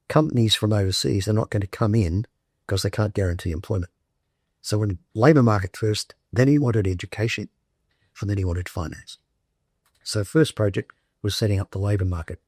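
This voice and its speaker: A man's voice: on the low side, darkish tone, husky, no room sound, clean studio sound. An older Australian man in a documentary interview, recounting his career in a matter-of-fact, step-by-step way. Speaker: veteran interviewee.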